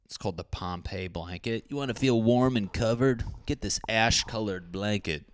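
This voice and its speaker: Low-voiced man ranting on a podcast. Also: normal speed, clean tone, no echo. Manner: profane, rambling, puts on comic voices. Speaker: podcast host. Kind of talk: solo podcast rant.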